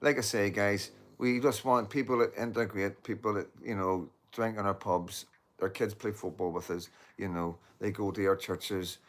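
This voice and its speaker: A man's voice: on the low side, steady tone, moderate pace. A man with a Northern Irish accent rambling to his viewers at home in a casual monologue, repeating "you know what I mean" and swearing. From Northern Ireland. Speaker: online show host. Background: dogs at home.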